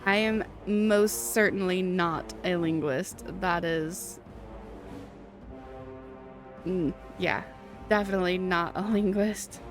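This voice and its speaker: A woman's voice: on the low side, slow, pauses often, soft background music. A woman with a Minnesotan accent chatting casually on a live stream, musing and self-deprecating.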